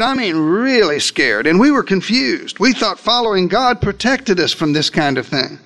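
A high-voiced man delivers a sermon with a lively, swooping pitch. He retells a scene dramatically in the first person, leaning hard into each phrase. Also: normal speed. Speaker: preacher.

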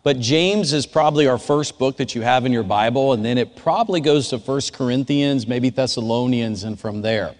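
A man giving a relaxed, conversational sermon. He tells personal stories and talks directly to his audience. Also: mid-range voice, moderate pace, hardly any pauses. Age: adult. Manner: informal, storytelling, speaks directly to the audience. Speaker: chapel speaker. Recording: long hall reverb.

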